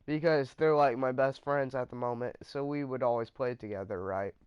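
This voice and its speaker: A man's voice: medium pitch, moderate pace, darkish tone, clean tone, no echo, muffled recording. A man casually telling a story about his friends in a rambling vlog, trailing off with fillers.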